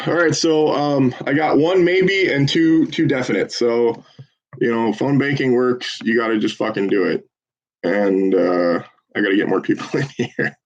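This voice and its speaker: A man volunteering as a phone banker, chatting casually and swearing between calls, then switching to an upbeat salesman's pitch on the phone. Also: a little slow, lo-fi sound. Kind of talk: casual livestream chat with live phone calls.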